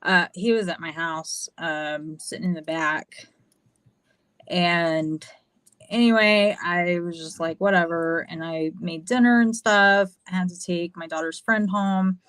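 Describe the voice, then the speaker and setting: A woman's voice: fairly low pitch, steady tone, unhurried, a bit bright, clean tone, dry recording. A woman from the United States, a podcast guest, telling a personal story in a candid, casual way, with frequent fillers and swearing.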